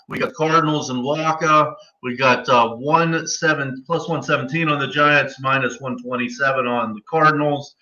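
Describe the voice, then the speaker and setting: Male podcast host, bright and cutting tone, casual betting talk, lo-fi sound. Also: fairly high pitch. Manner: rattles off odds, fillers and restarts. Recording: dull lo-fi podcast audio.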